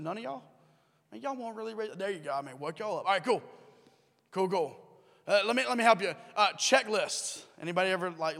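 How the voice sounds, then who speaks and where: A pastor preaching a sermon in a chatty, conversational way, asking the congregation questions and repeating key phrases. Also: male voice, sits high, fairly bright tone. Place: church sanctuary. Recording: long reverb of a large hall.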